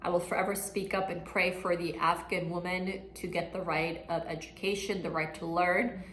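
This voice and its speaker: A woman's voice: fairly low pitch, flat delivery, normal speed, fairly bright tone, a little hiss or hum. A young woman giving a personal year-recap monologue, candid, outspoken and emotional. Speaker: vlogger. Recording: echoey room with music underneath.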